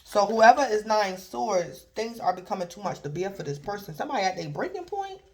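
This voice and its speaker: A tarot reader gives a casual reading, rambling and repeating herself, filling gaps with "like" and little chuckles, and acting out imagined callers in brief quoted voices. Her mid-range voice has big pitch swings and a fairly quick pace, with slight background noise.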